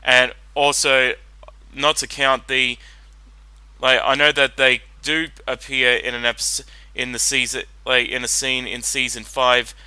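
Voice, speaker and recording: A man's voice: medium pitch, bright, forceful tone, clear, resonant tone, dry recording, low-quality recording. A man giving casual commentary while watching a cartoon, rambling and hesitant, often correcting himself. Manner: rambling, hesitant, self-interrupting. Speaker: reaction video host.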